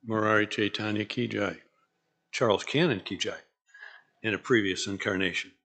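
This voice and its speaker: Brief: male speaker, low and forceful tone, halting memories. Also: steady tone, gravelly. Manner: halting, recalling aloud. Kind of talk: reminiscing talk.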